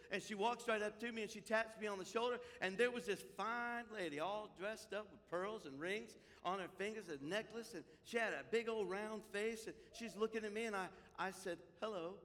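A man preaching a sermon as pastor, impassioned, swinging between loud proclamations and hushed storytelling. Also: sits high, big-room sound.

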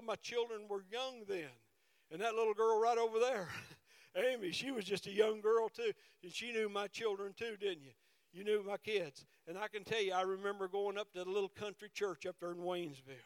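Fervent high-voiced preacher, smooth and close. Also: male voice, no echo. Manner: fervent, repetitive, with exclamations of praise. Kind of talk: sermon.

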